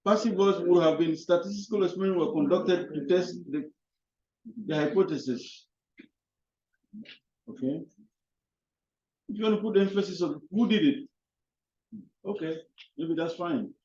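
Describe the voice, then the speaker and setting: A man teaching an English class, halting and often repeating his words. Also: fairly high pitch, a little mellow. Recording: echoey classroom, dull lo-fi sound.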